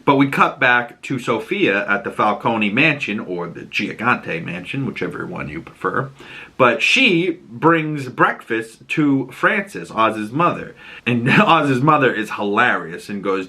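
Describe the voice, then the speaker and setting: A man hosting a podcast who gives a casual, excitable recap of a TV episode, often laughing and using lots of filler words. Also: mid-range voice, a little slow. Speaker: podcast host.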